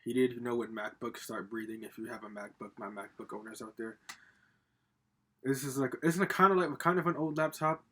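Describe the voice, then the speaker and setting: This is a man at home giving a casual pick-a-card tarot reading. His voice is bright and punchy, with a husky edge to it. He rambles, swears freely and talks straight to his viewers, filling the gaps with fillers. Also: medium pitch, normal speed. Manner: rambling with frequent fillers and laughs. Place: home, with a laptop.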